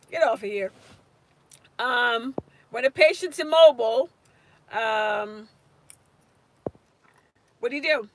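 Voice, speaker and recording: A woman's voice: sits high, a little hiss or hum. A woman tutoring nursing students on a casual live stream, chatting and answering viewers' comments by name.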